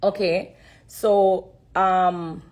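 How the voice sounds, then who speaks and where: A woman's voice: lowish voice, level tone, extremely slow, darkish tone. A woman with a Jamaican accent giving an emotional testimony on a phone live stream, earnest and repeating herself for emphasis while fighting back tears.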